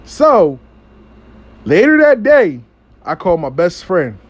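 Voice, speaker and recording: A man spins a casual storytime monologue in a slightly higher-than-usual voice, loose and animated. He swears freely and acts out the other people in the story as he goes. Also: slow. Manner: animated, profane storytelling with acted-out quotes.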